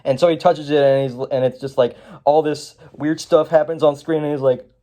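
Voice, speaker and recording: A man's voice: on the high side, fairly even intonation, normal speed, dark tone, dull audio. A man recapping a film in a casual review. He rambles, with lots of fillers, restarts and chuckles.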